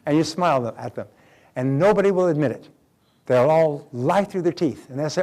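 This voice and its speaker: A man's voice: a little high, brisk. Emphatic man giving a motivational talk. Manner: direct, emphatic, animated delivery. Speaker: motivational speaker.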